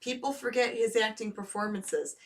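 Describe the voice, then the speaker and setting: A woman co-hosts a casual chat and reads out comments in a slightly high, eager voice. She sits a bit away from the mic, and there is faint noise behind her. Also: recorded from a distance. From United States. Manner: chatty and eager, quick to agree. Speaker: co-host.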